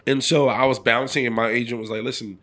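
A man's voice: medium pitch, steady tone, fast, pushed and bright. A middle-aged man, a former pro football player, telling a long story in a casual interview and acting out the voices of the people in it.

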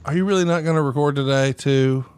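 A man's voice: mid-range voice, fast, darkish tone, slight background noise. A man from the American South hosting a podcast, teasing his co-host and laughing often in casual banter.

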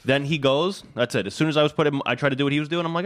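A man's voice: a little high, rapid-fire, no echo, studio quality. A man on a podcast telling a story in an exasperated, swearing way. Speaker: podcast guest. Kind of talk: casual chat.

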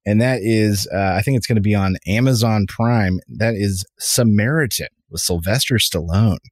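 A deep-voiced man talks through a trailer in an easygoing, measured way on a casual podcast. His voice is dry and close to the mic. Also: dry recording. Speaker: podcast co-host.

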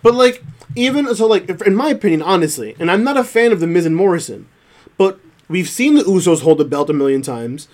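A man with a slightly high voice chats through a wrestling recap as co-host. He lists the results plainly, then gets exasperated, and his pitch leaps when he rants. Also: brisk. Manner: animated, exasperated rants with wide pitch jumps. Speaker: podcast co-host. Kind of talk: casual wrestling recap chat.

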